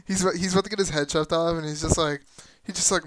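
A man's voice: on the high side, a little fast, crowd noise. A young man co-hosting a casual podcast, playful, slipping into mock-formal announcer lines. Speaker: podcast co-host.

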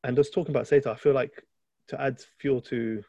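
Gravelly man chatting about films. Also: mid-range voice, fairly even intonation, fairly quick, dark tone, dry recording. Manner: enthusiastic, rambling with restarts. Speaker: podcast co-host. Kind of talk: casual podcast film review.

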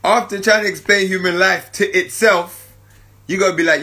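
Bright-voiced jovial man riffing. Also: sits high, fairly even intonation, moderate pace. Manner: jovial, laughing often, slangy and repetitive. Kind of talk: casual spiritual monologue.

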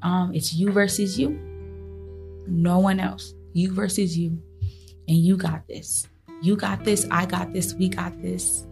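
A woman's voice: lowish voice, little pitch movement, a little slow, gravelly, a little mellow, soft background music. Earnest woman podcast host. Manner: earnest, encouraging, laughs often. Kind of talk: motivational faith talk.

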